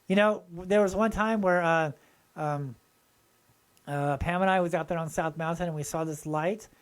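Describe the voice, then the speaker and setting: A man hosting his own channel, talking excitedly and rambling as he shows viewers pictures, often asking them to look and agree. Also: a little high. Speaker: channel host. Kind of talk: casual show-and-tell video.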